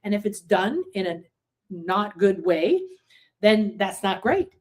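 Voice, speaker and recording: Animated woman teaching emotional healing. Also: mid-range voice, slow pace. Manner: animated, acts out emotions in quoted outbursts.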